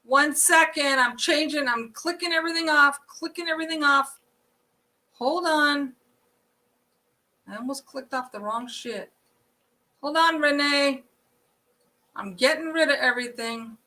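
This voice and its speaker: Woman host, loose and jokey, high, bright tone. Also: measured pace, pauses often. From California, USA. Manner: loose, joking, swears casually. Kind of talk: casual live stream chat.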